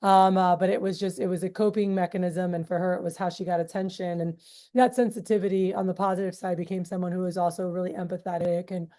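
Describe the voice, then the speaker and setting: Woman, 30s, meeting leader, mellow tone, chatty, filler-heavy, acts out quotes. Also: on the low side, fairly even intonation, quick pace. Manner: acts out quoted voices in storytelling. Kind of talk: casual talk to a group.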